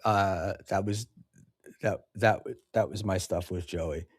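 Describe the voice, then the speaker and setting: Slow, sarcastic man streaming from a dry mic. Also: low voice, fairly even intonation, breathy edge, dry recording. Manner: rambling, sarcastic, many ums and restarts. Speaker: livestream host reading chat. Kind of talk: casual livestream chat.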